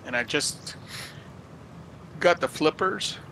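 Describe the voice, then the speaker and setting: A man chats easily with a friend during a game stream, teasing him in an offhand way. Clear background noise runs under his voice on the stream mix. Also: on the high side, expressive, takes it slowly, bright, forceful tone. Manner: chatty, teasing. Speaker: co-player. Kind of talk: casual gaming chat. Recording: noisy stream audio.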